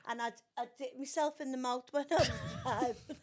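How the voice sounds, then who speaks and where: In a casual chat as a podcast guest, the host's mother shares family stories and does the voices of the people involved, raising her voice for the quotes. She's an older woman whose voice sits high, at a normal speed.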